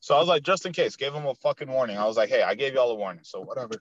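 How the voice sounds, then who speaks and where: A man's voice: medium pitch, animated, very fast, dry recording, highs cut off. A man co-hosting a podcast, telling rambling, profane stories with lots of filler words in a casual chat. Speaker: podcast co-host and youth coach.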